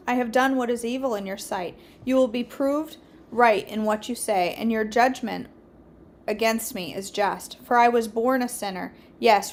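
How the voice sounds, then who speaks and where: Woman reading scripture, steady and earnest. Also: fairly high pitch, slight background noise. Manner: steady, earnest reading with small slips and restarts. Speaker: devotional host.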